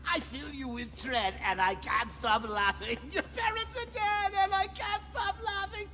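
A man's voice: high-pitched, pushed and bright, heavily acted. A man voicing a manic male clown villain who sings a taunting song with theatrical cackling, as a video game villain. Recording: song with music and long reverb.

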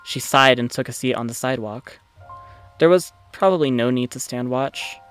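A young man playing through a visual novel, reading it aloud with loud, profane, excitable reactions. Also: mid-range voice, normal speed, clear, resonant tone, faint music behind. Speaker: let's play streamer.

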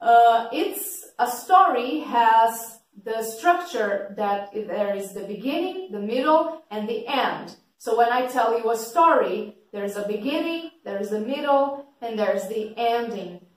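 Slow, patient woman teacher, echoey room. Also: on the high side, far from the mic. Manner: clear, patient explaining with frequent "okay?" checks; describes her teaching voice as kind of loud. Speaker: English teacher. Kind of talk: slow vocabulary lesson for learners.

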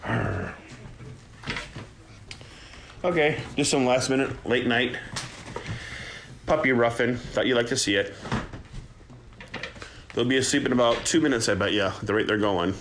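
A man who breeds dogs, chatting casually to viewers while filming his puppies at play and often cooing to them in a high voice. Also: moderate pace, long pauses, background noise. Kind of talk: casual running commentary to viewers.

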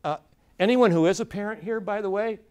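A man's voice: high voice, a little fast, darkish tone, clean tone. A man facilitating a conference workshop, talking informally to a live audience with plenty of fillers and restarts and questions thrown to the room. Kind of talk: conversational lecture to a live audience.

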